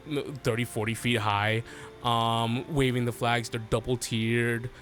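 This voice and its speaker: A man running a tabletop game as game master, narrating in a halting way with many fillers and restarts. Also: medium pitch, little pitch movement, a bit bright. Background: faint background music.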